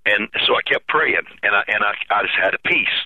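A man who is a pastor, telling his own story in an interview, halting and earnest, repeating words and restarting often. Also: fairly low pitch, lively intonation, bright, forceful tone, no echo. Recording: tinny phone-line sound.

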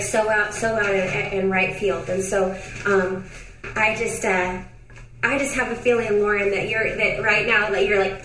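A woman's voice: medium pitch, fairly bright tone. Woman giving prophetic words, echoey and distant. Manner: conversational, many fillers and restarts; laughs between phrases. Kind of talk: prophetic broadcast ministry. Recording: echoey room, distant mic.

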